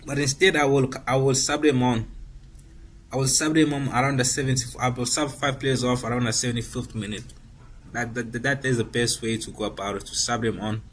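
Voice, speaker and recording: A man's voice: medium pitch, fairly even intonation, brisk, low-quality recording. A man giving casual, rambling commentary while playing a football management game. He often repeats and restarts phrases as he thinks aloud.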